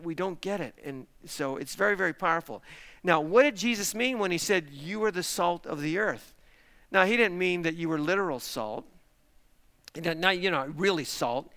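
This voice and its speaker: Bright, clear-voiced male preacher. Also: high voice. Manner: emphatic, animated preaching with rhetorical questions. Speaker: pastor. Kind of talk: sermon.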